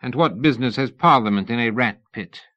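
A man reading a suave, cordial Victorian gentleman journalist with a polite, genteel manner. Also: medium pitch, fairly quick, muffled recording, close to an everyday voice. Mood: courteous. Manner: polite, genteel, feigning innocence.

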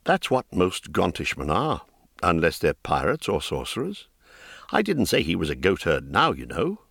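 A man's voice: low-pitched, wildly swooping pitch, moderate pace, creaky, a bit bright, breathy edge, no echo, clean studio sound, heavily acted. A man voicing a cocky, gossipy young male wizard student who talks in a chatty, offhand way.

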